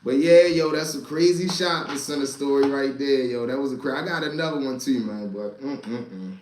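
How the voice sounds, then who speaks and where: Animated profane man telling street stories. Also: medium pitch, a little fast, echoey room, background noise. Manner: animated, profane, addresses listeners as y'all. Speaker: storyteller and stream host. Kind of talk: casual street storytelling to a live chat.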